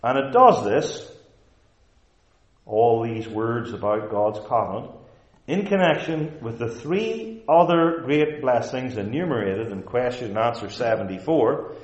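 A man preaching a sermon as pastor, slow and emphatic, building to loud declarations. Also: mid-range voice, lively intonation, roomy sound, highs cut off.

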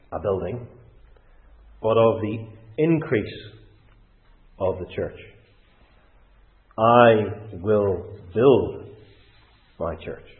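Male preacher, measured and emphatic, heard over a thin phone-like line. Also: medium pitch. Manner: deliberate, emphatic, with rising stresses. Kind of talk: sermon. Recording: tinny phone-like sound in an echoey room.

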